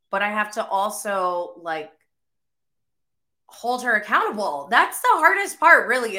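Woman, 30s, podcast host, unhurried rambling chat, bright tone, flu cough. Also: medium pitch. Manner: rambling, full of "like" fillers. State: getting over the flu, coughing. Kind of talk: casual chat.

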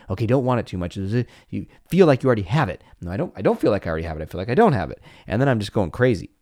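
A man in his forties talks through his own experience on his podcast, low-pitched and candid. He shifts into playful asides and acts out his inner voices as he goes. The sound is close and dry, with no room around it. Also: very animated, racing, few pauses, a little mellow, dry recording. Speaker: podcast host. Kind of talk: reflective personal monologue.

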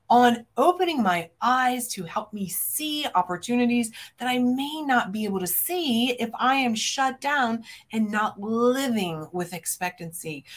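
A woman podcast host and business coach giving emphatic, fervent motivational talk, speaking straight to her listeners as friends. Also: a little high. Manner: emphatic, fervent, punchy declarations with big swings in loudness; addresses listeners directly as friends.

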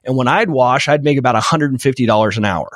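A man's voice: mid-range voice, quick pace, dry recording, studio quality. A man in his thirties, a podcast guest telling an emotional personal story with many repeated false starts. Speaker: podcast guest, real estate investor.

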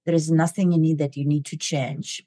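A middle-aged woman with a foreign accent delivers a motivational talk in a low, mellow voice. She speaks quickly, clips the ends of her words and leans on "right?" and "you know" as fillers. The sound is dry and close. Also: flat delivery, dry recording. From immigrant to the US. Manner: fast talker who swallows word endings, frequent fillers like "right?" and "you know". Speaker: podcast host.

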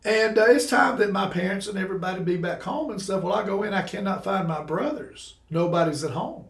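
A man telling a story from his childhood in a casual chat, animated and laughing as he tells it. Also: high-pitched, a little fast, vocal fry, far from the mic. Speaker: guest. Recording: roomy sound, away from the mic.

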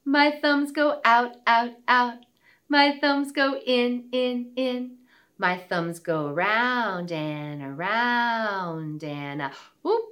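A woman leading a children's circle time, gently speaking and singing nursery rhymes and songs. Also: a little high, extremely slow. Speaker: children's teacher.

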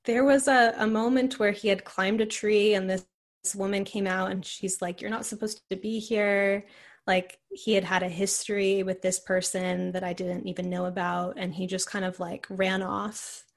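A woman's voice: mid-range voice, little pitch movement, normal speed. A young woman, a podcast guest, telling a personal story in a rambling way full of "like" and "you know". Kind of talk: casual conversational storytelling.

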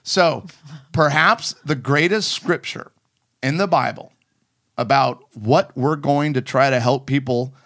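Man, talk show host, casual chat, excitable, rambling, average pitch. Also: takes it slowly. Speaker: podcast host.

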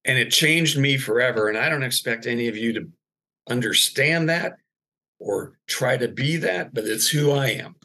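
A man as a podcast guest, telling a personal faith story in an earnest, animated way. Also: medium pitch, normal speed. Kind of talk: personal testimony in conversation.

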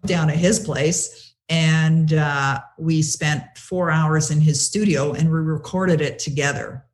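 A guest author being interviewed tells a story in a low voice at a slow pace. She eagerly retells what people said to her, quoting them animatedly, with many fillers and restarts.

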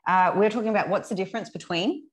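A woman's voice: mid-range voice, fast. A woman in her thirties co-hosting a podcast, talking frankly, laughing often and swearing freely. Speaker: podcast co-host, fitness coach. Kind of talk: casual chat.

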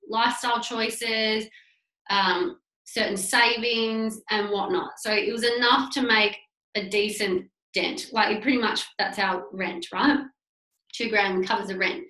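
A woman's voice: on the high side, pushed and bright. A woman who runs her own business tells a personal story from her desk at home, candid and emotional, swearing freely. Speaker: small business owner. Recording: echoey room.

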